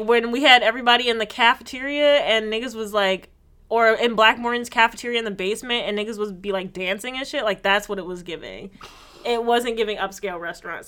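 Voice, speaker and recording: A woman's voice: fairly high pitch, pushed and bright. A young woman co-hosting a casual podcast chat, blunt and sardonic, swearing freely. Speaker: podcast co-host.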